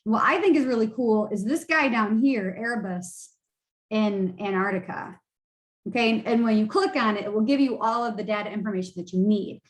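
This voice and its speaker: A woman's voice: mid-range voice, brisk, roomy sound, rough recording. A woman, a college instructor, giving a tired, casual screen-share lecture full of fillers and restarts. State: tired, yawning.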